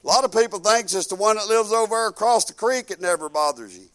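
A man preaching a sermon in a folksy, fervent way, dropping from loud proclaiming to quiet musing. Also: high-pitched, lively intonation, fast. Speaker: pastor.

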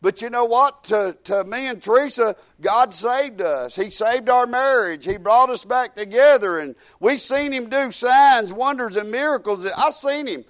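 A man preaches in church with a notably high voice. His delivery is folksy and fervent, swinging from loud proclaiming down to quiet, reflective asides. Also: expressive, unhurried, hardly any pauses. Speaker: pastor. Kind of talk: sermon.

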